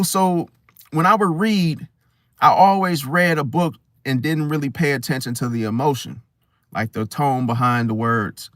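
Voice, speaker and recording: Animated young man telling a story. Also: on the high side, measured pace, no echo, studio quality. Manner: animated storytelling, slangy, swings loud and soft. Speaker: host. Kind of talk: casual talk to camera.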